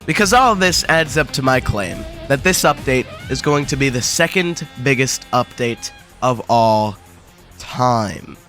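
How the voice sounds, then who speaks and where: Sarcastic, foul-mouthed young gaming host. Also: male voice, medium pitch, animated, a little slow, a bit bright, soft background music. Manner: crude, profane, mock-dramatic.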